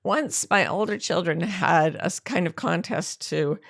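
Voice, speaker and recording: Laughing, gravelly-voiced woman. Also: on the low side, a little slow, no echo, clean studio sound. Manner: laughing, animated storytelling. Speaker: podcast co-host. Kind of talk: casual chat.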